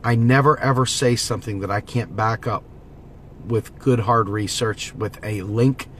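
A man's voice: lowish voice, steady tone, measured pace, fairly bright tone, a little hiss or hum. A man giving an impassioned direct-to-camera monologue, preachy and urgent, repeating slogans as he rallies his viewers. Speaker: political vlogger.

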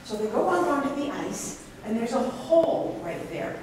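A woman from Canada telling folk tales live on stage in a lively, expressive way, speaking directly to the audience. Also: high-pitched, moderate pace, noisy background. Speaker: storyteller. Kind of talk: live oral storytelling. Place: large hall. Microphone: distant mic. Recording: echoey hall from far off.

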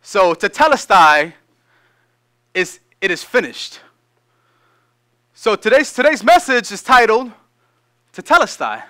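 A male pastor with a high, bright voice delivers a sermon, reading scripture at a measured pace before breaking into casual, energetic explanation.

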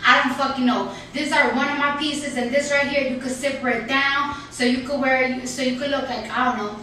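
Brash, high-voiced woman chatting to camera. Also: steady tone, normal speed, pushed and bright, slight background noise. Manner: brash, profane, playful. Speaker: celebrity vlogger. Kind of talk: casual monologue to camera.

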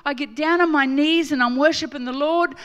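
A woman's voice: sits high, fairly quick, a bit bright, lo-fi sound. A middle-aged Australian woman preaching a sermon, telling a story and acting out her own quoted lines with animation. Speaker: guest preacher.

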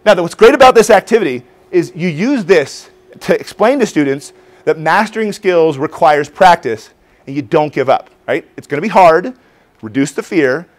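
Before an audience in a conference hall, a man in his forties gives a lively talk with demonstrations to teachers, full of restless, animated energy. His slightly high voice leaps up and down at a moderate pace, and he slips into his students' voices to make each point.

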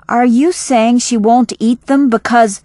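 A woman's voice: a little high, fairly even intonation, unhurried, mellow, no room sound, natural voice. A woman reading the lines of an earnest teenage girl who speaks in a raised, emphatic way. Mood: indignant.

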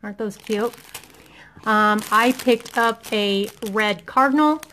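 A woman's voice: a little high, slow pace, bright, forceful tone, a little hiss or hum. A middle-aged woman from Indiana chatting enthusiastically through a product haul at home, with many ums. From Indiana, USA. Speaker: haul vlogger. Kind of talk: casual product haul chat.

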